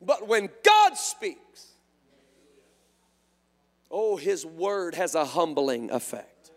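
A man preaching an impassioned sermon, swinging between hushed tones and shouts, his voice strained. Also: high voice, big pitch swings, drawn-out words. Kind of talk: revival sermon. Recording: reverberant hall sound.

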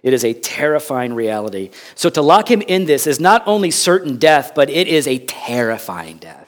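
A man preaching a sermon as pastor, swinging from loud emphasis to hushed tones and repeating words when he presses a point. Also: mid-range voice, very animated, normal speed.

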